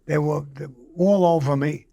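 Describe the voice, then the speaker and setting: An older man tells a story, animated and profane. His voice sits a little high and has a gravelly rasp. He slips into the other people's voices as he quotes them. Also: normal speed. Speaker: guest. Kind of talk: casual storytelling.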